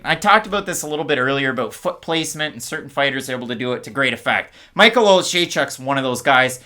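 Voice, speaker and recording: A man's voice: on the high side, bright, forceful tone. A man co-hosting a fight preview podcast, rattling off stats and odds in a casual breakdown. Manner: stat-heavy, rapid-fire breakdown. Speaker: co-host.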